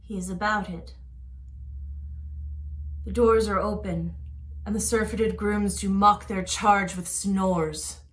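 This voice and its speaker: A woman's voice: medium pitch, fairly even intonation, slow pace, a little hiss or hum, natural voice. A woman as tense, scheming Lady Macbeth. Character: Lady Macbeth, bold scheming noblewoman awaiting a murder. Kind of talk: amateur home-recorded Shakespeare reading.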